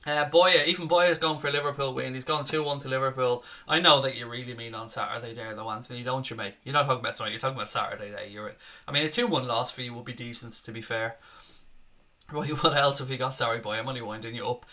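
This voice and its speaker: A young Dublin man co-hosts a fan channel's live football watchalong from his desk at home, using a webcam desk setup. He chats casually, reads viewer comments and swears freely, talking fast in a steady, sharp, mid-range voice with a Dublin Irish accent.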